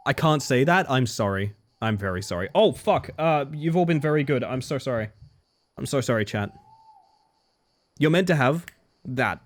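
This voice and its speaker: An animated male game streamer who swears freely and laughs often. His pitch leaps around a great deal, sitting mid-range for a man. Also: normal speed. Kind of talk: live game-streaming commentary.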